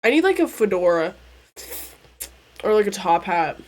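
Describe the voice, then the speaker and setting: A woman's voice: medium pitch, big pitch swings, normal speed. Crude, joking young woman streamer. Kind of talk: casual gameplay stream chat.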